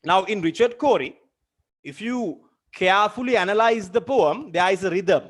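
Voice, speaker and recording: In an online lecture, a man with a high, animated voice and a fairly bright tone speaks at normal speed while teaching literature. He explains terms, goes over examples more than once, and puts direct questions to his students.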